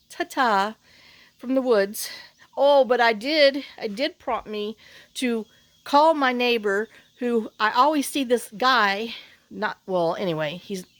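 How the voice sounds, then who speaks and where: A woman's voice: fairly high pitch, dry recording. Middle-aged woman, casual vlog chat, worn out and sighing, rambling, dry close sound. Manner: rambling, sighing, full of fillers and restarts. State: worn out and hot after outdoor work. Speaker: vlogger. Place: outdoors on rural property.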